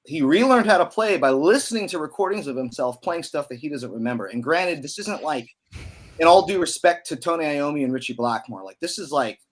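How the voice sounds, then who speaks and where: A man's voice: fairly high pitch, lively intonation, fairly quick. A man in his thirties from Pennsylvania, a musician guest telling stories in a loose, chatty way full of fillers and slang. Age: 30s. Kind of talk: casual storytelling.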